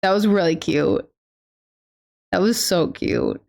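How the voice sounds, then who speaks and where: A woman's voice: medium pitch, slow pace, creaky, darkish tone. A woman streaming a game and chatting casually, rambling through playful stories with lots of fillers and a giggly, affectionate manner. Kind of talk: casual gameplay chat.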